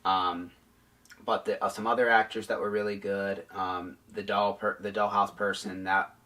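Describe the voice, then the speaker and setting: A man's voice: on the low side, level tone, normal speed, pushed and bright, far from the mic. A man casually reviewing a haunted attraction, rambling with many ums and restarts.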